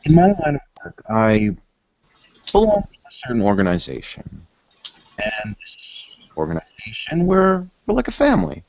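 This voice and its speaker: A man's voice: on the low side, wildly swooping pitch, normal speed, vocal fry, a little mellow, no room sound, highs cut off, exaggerated voice. A man voicing a courteous, formal male gangster who negotiates politely.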